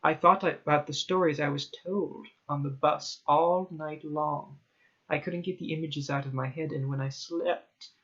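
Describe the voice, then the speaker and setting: Man reading a horror story, lo-fi. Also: a little high. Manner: dramatic first-person narration, hushed at tense moments. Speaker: story reader. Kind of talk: horror story read aloud.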